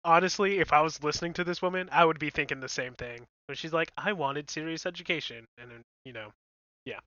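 A man's voice: a little high, fairly even intonation, fast talker, bright, forceful tone, clear, resonant tone, no room sound. A young man co-hosting a casual movie review chat, blunt and crude with a sardonic edge. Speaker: podcast co-host. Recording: dry, dull lo-fi sound.

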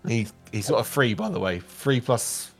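A man's voice: lowish voice, normal speed, soft background music. A man narrating a tabletop game as game master, describing scenes to the players.

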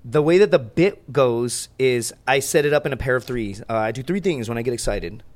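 A man guesting on a podcast, telling crude stories fast and profanely, acting out quotes from other people. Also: medium pitch, lively intonation. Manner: rapid, profane storytelling with acted-out quotes. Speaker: guest, reality show contestant. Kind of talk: casual podcast chat.

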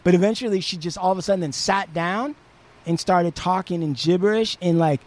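A podcast host tells a story in a loose, chatty way, full of casual swearing. His voice sits fairly high for a man, and he keeps the telling animated. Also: a little fast, a little hiss or hum. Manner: profane, animated retelling.

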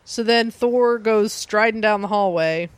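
A woman's voice: medium pitch, measured pace, smooth, no room sound. Give me a woman chatting casually on a podcast, recapping comics with a dry, close sound. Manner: recaps comics with acted-out quotes, swears, laughs often. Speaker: podcast co-host. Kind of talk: casual chat.

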